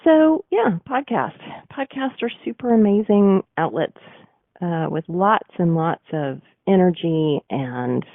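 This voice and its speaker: A woman's voice: fairly low pitch, animated, slow, no room sound. Nasal Southern woman on a phone line. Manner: chatty, earnest, with frequent fillers. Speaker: radio show host. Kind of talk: casual monologue with business advice.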